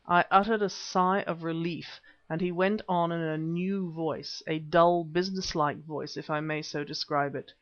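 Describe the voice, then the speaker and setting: High-voiced man narrating an audiobook. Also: steady tone, fairly bright tone. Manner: measured first-person storytelling. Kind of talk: scripted narration. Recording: dull lo-fi recording.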